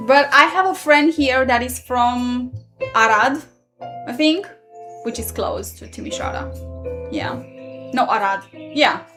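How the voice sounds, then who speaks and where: A woman's voice: high-pitched, unhurried, music in the background. A woman in her thirties, not a native English speaker, chatting casually on a live stream and answering viewer comments. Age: 30s.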